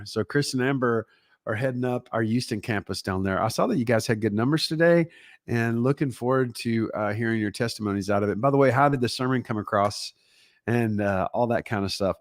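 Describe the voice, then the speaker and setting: Chatty Texan pastor with a dry sound. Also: male voice, mid-range voice, fairly quick, no echo. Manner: energetic, rambling, greets viewers by name. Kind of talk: casual livestream chat. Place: home.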